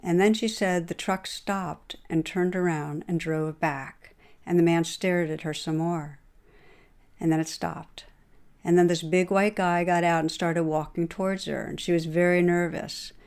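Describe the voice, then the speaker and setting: A woman meditation teacher giving a dharma talk, telling a story in a gentle, measured way and closing with calm meditation instructions. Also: on the low side.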